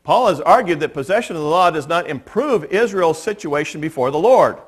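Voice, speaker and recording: A man preaching a sermon as pastor, relaxed and conversational, mixing humor and stories into his teaching in a church. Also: on the high side, a little fast, slightly rough. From United States. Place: church sanctuary.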